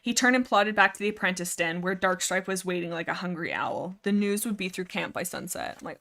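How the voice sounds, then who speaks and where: Young woman livestream host, rambling and animated, casual chat with read-aloud bits. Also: fairly low pitch, brisk, few pauses. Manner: chatty, rambling, animated reactions, reads book excerpts aloud.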